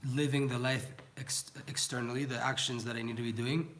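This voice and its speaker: A man's voice: medium pitch, flat delivery, a little fast, a bit bright, slight background noise. A young man giving an informal Torah class, earnest and pleading, mixing in words. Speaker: Torah teacher.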